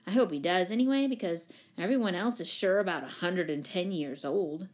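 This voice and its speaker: A woman voicing a laconic, sulky boy, pitched lower and grumbling. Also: fairly quick, a little mellow, lightly acted.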